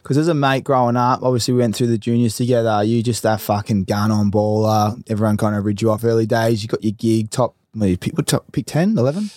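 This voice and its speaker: An Australian man in his twenties hosts a relaxed chat with an old mate, talking quickly and swearing freely. He gets animated when he tells a story. The sound is close and dry, with no room around it. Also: lowish voice, dry recording. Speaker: podcast host, footballer.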